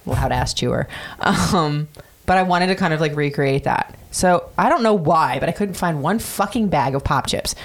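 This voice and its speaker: A woman's voice: sits low, lively intonation, moderate pace. A woman in her thirties casually telling a personal story on a podcast, chatty and profane with many fillers. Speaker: podcast host.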